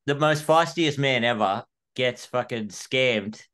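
A man's voice: mid-range voice, takes it slowly, sharp tone. A young Australian man co-hosting a casual podcast, teasing his friend and laughing. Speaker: podcast co-host. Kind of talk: casual chat.

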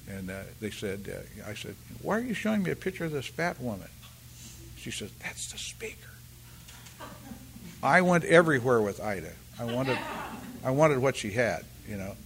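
An older man giving a halting, rambling personal share at a recovery meeting, full of restarts and "you know," and acting out the voices of the people in his story. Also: fairly low pitch, a little hiss or hum. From California, US. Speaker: speaker sharing at a recovery meeting.

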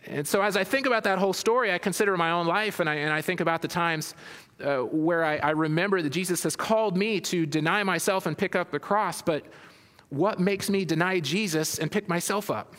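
A man's voice: a little high, fairly quick, a bit bright, in a large hall. A man preaching a sermon, reading scripture aloud and then expounding on it with frequent restarts. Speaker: pastor.

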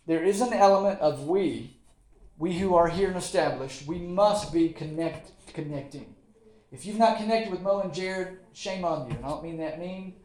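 High-voiced folksy Southern preacher, echoey church. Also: male voice, a little mellow. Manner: folksy preaching, repeats phrases, quick asides and chuckles. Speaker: pastor. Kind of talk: sermon. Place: church sanctuary. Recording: roomy church echo.

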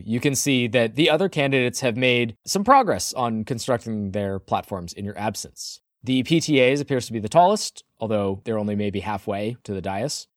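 A man's voice: lowish voice, no room sound, studio quality. A man running a tabletop game as game master, describing scenes playfully and often laughing.

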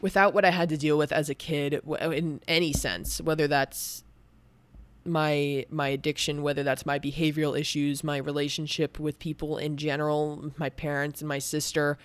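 A woman's voice: sits low, little pitch movement, normal speed, no room sound. A young woman talking candidly and at length about her own feelings, rambling with many restarts and filler words. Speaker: podcast host. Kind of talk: candid personal talk.

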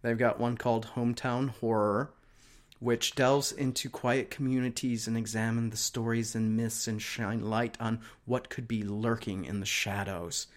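A man's voice: mid-range voice, steady tone, unhurried. A man from Wisconsin co-hosting a casual chat podcast, wry and offhand as he skims through listings. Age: 30s or older. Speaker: podcast co-host.

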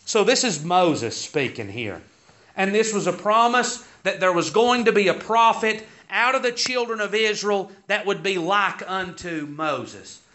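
A man with a high, bright, forceful voice teaches a Sunday school class, reading Bible verses aloud in King James wording and then explaining them. His delivery is expressive and unhurried. The recording sounds dull and lo-fi.

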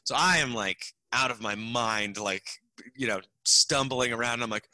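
A man's voice: medium pitch, a little slow, bright, forceful tone, no echo. A young man telling a long, rambling anecdote in casual chat, full of fillers like "like" and breaking into laughter. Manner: rambling, filler-heavy, laughing through the story. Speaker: guest storyteller.

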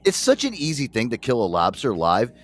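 A man spins a rambling, profane story on a casual podcast. His pitch rises and falls freely as he talks. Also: very animated, brisk. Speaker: podcast co-host. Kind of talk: casual comedic chat.

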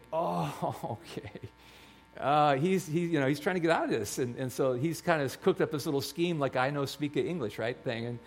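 Male pastor, slightly higher pitch, chatty sermon delivery with frequent restarts. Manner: storytelling, conversational with many restarts.

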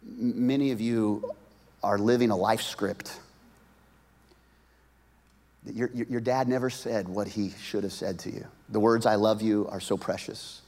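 A male pastor preaching a sermon, moving between hushed whispers and loud, emphatic bursts, often repeating words. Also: on the low side, steady tone, unhurried, pauses often. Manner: repeats words and restarts phrases. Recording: long reverb of a large hall.

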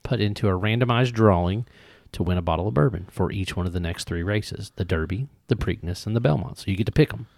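Guy hosting a podcast, lowish voice, dry close sound, cracks jokes and rambles. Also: fast, vocal fry, darkish tone, no echo. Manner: jokey, rambling, laughs often. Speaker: podcast host. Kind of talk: casual chat.

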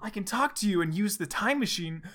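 A man voicing an eager young fox inventor sidekick, reading aloud loudly and earnestly. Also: high voice, animated, brisk.

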